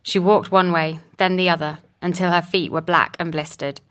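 Woman audiobook narrator, measured, lower pitch. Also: steady tone, a bit bright, highs cut off. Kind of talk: scripted narration.

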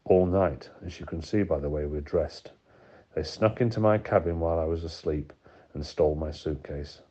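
A man's voice: very deep voice, moderate pace, warm tone. A man voicing a cold, lying woman camp warden in an audiobook, curt and defensive. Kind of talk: audiobook character voice. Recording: dull lo-fi recording.

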